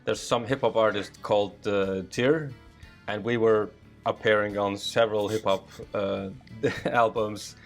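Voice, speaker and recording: A man's voice: lowish voice, steady tone, measured pace, faint music behind. A man hosting a casual band podcast, laughing often and restarting sentences with fillers. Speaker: podcast host. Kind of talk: casual chat.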